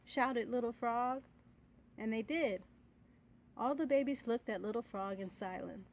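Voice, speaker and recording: A woman reading children's bedtime stories aloud in a clear, expressive way. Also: on the high side, a little slow, a little hiss or hum. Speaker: storyteller.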